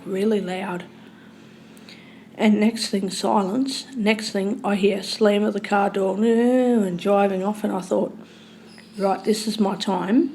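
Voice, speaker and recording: A woman telling a long, rambling story in casual speech, swearing freely and swinging between loud and hushed. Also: mid-range voice, a little hiss or hum.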